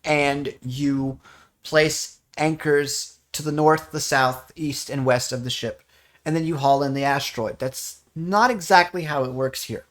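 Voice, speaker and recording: A man's voice: fairly high pitch, unhurried, fairly bright tone. Rambling man explaining a game. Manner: rambling, self-correcting, playful. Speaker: player giving a game overview. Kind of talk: casual explanatory chat.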